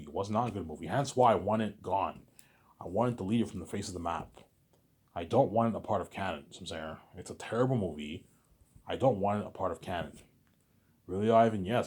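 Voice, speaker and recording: A man's voice: deep voice, quick pace, darkish tone, slight background noise. A man vlogger ranting in a casual monologue, repeating himself and swearing freely. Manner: repetitive, profane ranting.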